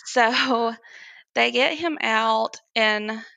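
A young woman candidly telling a personal story as a guest, animated and often laughing as she acts out what others said. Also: fairly high pitch, drawn-out words, gravelly, no room sound.

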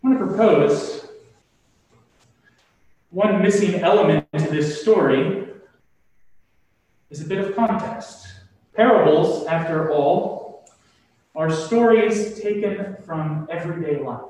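A man preaching a sermon in a slow, deliberate, emphatic way. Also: high voice, darkish tone. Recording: echoey room from far off.

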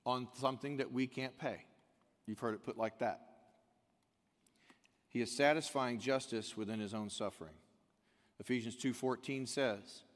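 A man preaching a sermon, asking the room questions and swinging between loud peaks and hushed lines. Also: mid-range voice. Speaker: pastor. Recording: long hall reverb.

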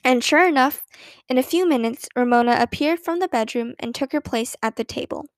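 A woman reads a children's chapter book aloud with warm, expressive storytelling. Her voice sits high, and the recording is dry and close with no room sound. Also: a little fast, no room sound. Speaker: narrator. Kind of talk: children's audiobook narration.

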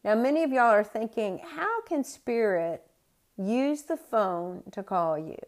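A woman's voice: fairly high pitch, lively intonation, a little slow. A middle-aged woman telling a personal story in a chatty podcast style, correcting herself as she goes. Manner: conversational, with self-corrections. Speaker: podcast host.

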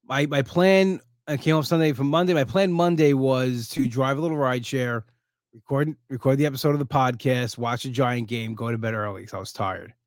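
A man's voice: medium pitch, a little fast, no room sound, studio quality. Tired man rambling through a story. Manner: rambling storyteller with restarts, animated when quoting people. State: exhausted, low on energy. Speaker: podcast host. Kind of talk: casual solo podcast monologue.

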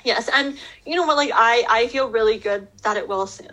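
A woman's voice: a little high, moderate pace, pushed and bright, rough recording. A young woman from Canada co-hosting a casual podcast, upbeat and giggly, with lots of fillers. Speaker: podcast co-host. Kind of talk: casual chat. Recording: faint background noise.

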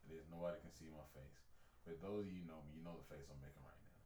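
A man co-hosting an audio podcast, chatting casually and jokingly about a movie in slangy, animated speech. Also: extremely low pitch, quick pace, echoey room, a little hiss or hum. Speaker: podcast co-host.

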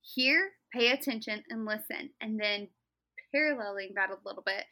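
A woman's voice: mid-range voice, moderate pace, pushed and bright, poor audio. A young woman co-hosting a casual Bible study podcast, bubbly and giggly as she explains the text. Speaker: podcast co-host.

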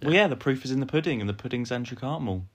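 A man's voice: mid-range voice, animated, very fast. A man co-hosting a podcast, reading listener questions and chatting in a dry, understated way. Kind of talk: casual podcast chat.

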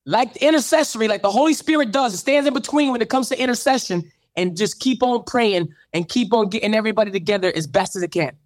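A man's voice: high voice, fast talker, few pauses, dry recording. Guy telling his story like a preacher, gets fired up, dry mic. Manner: preacherly, building to fervent rising calls. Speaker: radio show host. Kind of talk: animated testimony in an interview.

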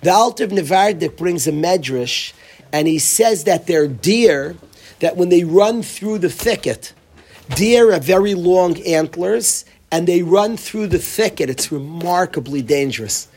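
A man with a somewhat high, husky voice leads an informal Torah class. He repeats his key phrases for emphasis and weaves Hebrew terms in among casual personal asides. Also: expressive, unhurried, darkish tone. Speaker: rabbi teaching a Torah class. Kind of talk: informal Torah lecture with stories.

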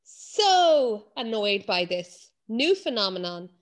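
A woman in casual chat as a co-host, ranting in an animated way, swearing often and mimicking other people in high, mocking voices. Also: slow.

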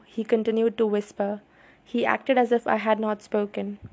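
A woman reading a first-person novel aloud in an even, understated way. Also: fairly high pitch, moderate pace, creaky. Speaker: audiobook reader.

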